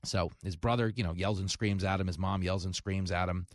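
A man's voice: deep voice, steady tone, a little fast, no room sound. A man hosting a talk radio show, ranting with comic asides and telling jokes into a studio microphone. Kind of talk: opinionated talk radio monologue.

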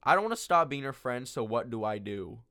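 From the carpet of his home bedroom, a young man hosts a casual solo podcast in a brisk, medium-pitched voice. He's animated and profane, rambling along with plenty of fillers.

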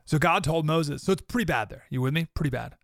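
A man's voice: a little high, fast, gravelly, a bit bright, no room sound, clean studio sound. A man hosting a podcast, talking reflectively to his listeners and reading out scripture in a conversational way. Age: adult with a young child. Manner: conversational, quotes scripture, talks to listeners directly. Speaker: podcast host.

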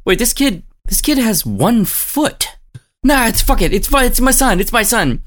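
A woman voicing a frantic mother who insists that each strange found child is her missing son, in loud, escalating comic disbelief. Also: fairly high pitch, very animated, normal speed. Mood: frantic denial.

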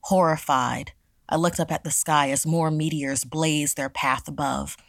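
A woman narrating a scripted horror story in a measured, dramatic way. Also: low-pitched, fairly even intonation, creaky, no room sound.

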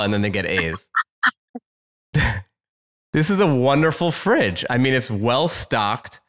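A man's voice: mid-range voice, expressive, measured pace, long pauses, a bit bright. A man hosting a casual chat podcast, upbeat and laughing often as he talks with his guest. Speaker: podcast host.

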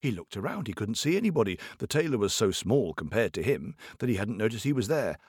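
Man, storyteller, playful, talks right to the kids, very lively pitch, dry close sound. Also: quick pace, husky, dry recording. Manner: expressive, playful, addresses listeners directly. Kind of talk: animated storytelling for children.

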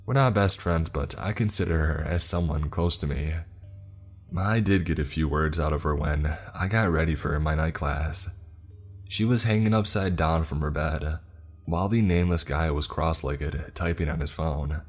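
A man narrating a scripted first-person story in a steady, even way. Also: very deep voice, normal speed, faint music behind.

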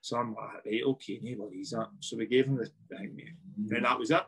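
A man in his thirties with a Scottish accent, a former footballer chatting as a podcast guest, telling stories in an animated way, swearing and acting out what people said. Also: medium pitch, fairly quick, husky. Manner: animated, laughing, swearing, acts out dialogue. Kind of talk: casual chat, storytelling.

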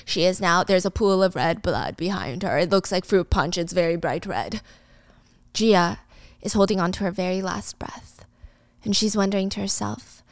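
A woman's voice: fairly low pitch, normal speed, no room sound, clean studio sound. A young woman casually recapping a drama story, chatty and opinionated with dramatic asides.

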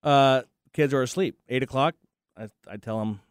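A man chatting as co-host beside his wife, answering in short, halting bits and repeating words. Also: medium pitch, clean tone, dry recording. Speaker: co-host, husband. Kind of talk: casual chat.

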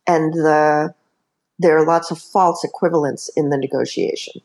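A woman's voice: low voice, steady tone, moderate pace, a little mellow. A woman author speaking as a podcast guest, explaining earnestly with many asides. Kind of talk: podcast interview.

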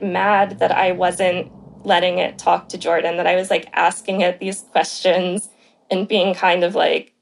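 A woman's voice: medium pitch, vocal fry. A young adult woman casually recounting a personal story as a podcast guest, talking in a chatty way full of fillers. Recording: faint background noise.

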